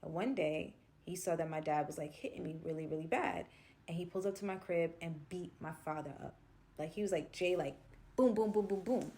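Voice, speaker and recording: A woman's voice: fairly low pitch, fairly quick, husky. A woman telling a personal story in a casual storytime style, acting out the other voices and using a lot of slang. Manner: animated, acts out quotes, slangy.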